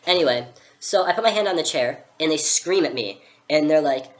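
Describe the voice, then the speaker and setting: A woman's voice: deep voice, animated, fairly quick. A young woman in character as a vlogger, telling a story chattily and sarcastically. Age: young adult. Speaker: vlogger playing Alice.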